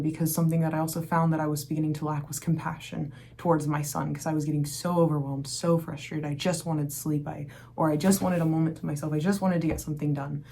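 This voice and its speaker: A woman's voice: low voice, little pitch movement, fast, gravelly, few pauses, mellow. A young woman who is a mother, speaking candidly and rambling in a casual faith-based vlog, with lots of fillers. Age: young adult. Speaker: mom vlogger.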